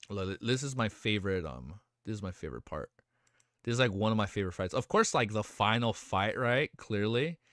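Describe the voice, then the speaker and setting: Streaming from home, a young male host rambles excitedly through casual chat, swearing a lot and restarting his sentences. His tone is bright and his pitch swings widely. The sound is close and dry, with no room sound at all.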